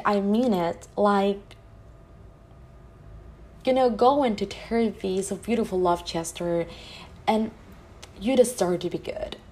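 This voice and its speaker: Woman host, mid-range voice, personal heartfelt monologue, halting delivery. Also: medium pitch, dark tone. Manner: earnest, heartfelt, halting with restarts. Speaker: podcast host.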